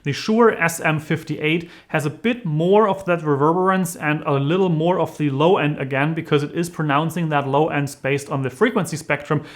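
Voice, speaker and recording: A man's voice: on the high side, moderate pace, few pauses. Methodical man reviewing gear. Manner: methodical, explanatory. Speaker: tech reviewer. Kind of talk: product review explainer. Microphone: handheld vocal mic.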